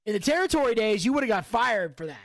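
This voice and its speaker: A man's voice: high voice, very animated, fast talker, no echo. Profane opinionated man recapping wrestling. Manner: profane, opinionated, laughs often. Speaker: podcast host. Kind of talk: casual recap chat.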